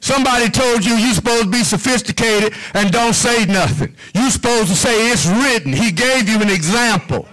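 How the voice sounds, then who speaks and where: High-voiced preacher man, rhythmic sermon. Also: moderate pace, hardly any pauses, fairly bright tone, low-quality recording. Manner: rhythmic, call-and-response preaching.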